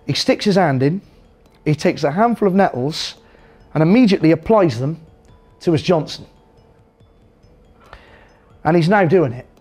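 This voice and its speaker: Guy spinning a funny yarn, high voice, laughing at his own story. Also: moderate pace, pauses often, husky, faint music behind. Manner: animated, self-amused storytelling. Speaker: comedian. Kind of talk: comic anecdote.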